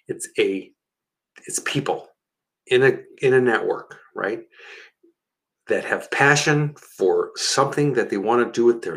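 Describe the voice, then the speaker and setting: A man's voice: medium pitch, a bit bright, rough recording. Male stream host, loose and rambling, addresses the audience directly. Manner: rambling, chatty, talks to viewers by name. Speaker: live-stream host and seminar leader. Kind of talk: casual live-stream chat.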